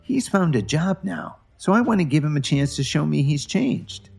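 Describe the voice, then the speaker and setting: A man voicing a composed young wife who speaks calmly with a tired sigh. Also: a little high, normal speed, creaky, breathy edge, faint music behind, pitched above the performer's own voice, exaggerated voice. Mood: weary. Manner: calm, sighing.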